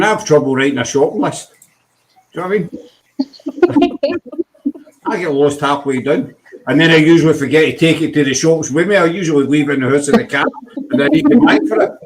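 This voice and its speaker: A man's voice: a little high, animated, a little fast, low-quality recording. A Scottish man hosting a casual live show, joking about himself and laughing often. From Scotland. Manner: jokey, self-mocking, laughs often. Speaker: host.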